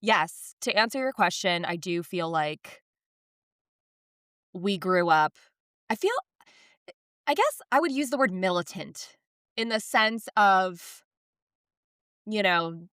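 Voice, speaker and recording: Woman, 30s, podcast co-host, bright, dry close sound, animated storyteller. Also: medium pitch, slow pace, long pauses, smooth, no echo. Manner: animated storytelling, acts out quotes. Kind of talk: casual podcast chat.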